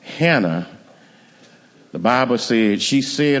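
A man preaching a sermon in a church, rising to high, emphatic climaxes. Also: animated, measured pace. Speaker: pastor. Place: church sanctuary. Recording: church hall reverb.

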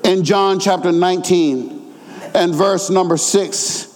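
A man preaching a sermon, swelling into near-shouted, sing-song emphasis. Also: high voice, takes it slowly. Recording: long hall reverb.

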